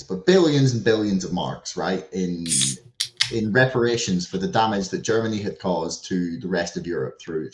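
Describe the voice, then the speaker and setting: A man's voice: low-pitched, a little mellow. A podcast co-host in casual chat, rambling and profane, padding his story with "like" and "right". His voice carries a roomy echo.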